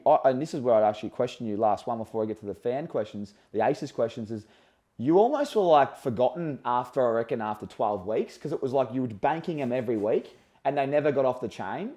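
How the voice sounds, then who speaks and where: A man's voice: medium pitch, dark tone. An Australian man hosting a casual interview, chatting in long rambling questions and friendly banter. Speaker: podcast host, former footballer.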